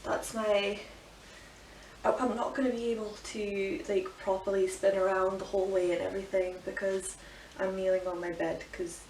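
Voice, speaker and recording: A woman's voice: mid-range voice, darkish tone. A young woman chatting emotionally in a casual home vlog, with lots of "like" fillers. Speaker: vlogger. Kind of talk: casual pregnancy update vlog. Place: bedroom at home. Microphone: camera from some distance. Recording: roomy, distant, faint hiss.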